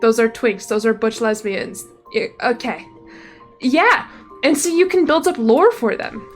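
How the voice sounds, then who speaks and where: A young woman talks casually on a live stream, her voice sitting slightly high. She rambles, piles on fillers and restarts her sentences as she goes. Faint music plays quietly underneath. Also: unhurried. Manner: rambling, chatty, lots of fillers and self-corrections.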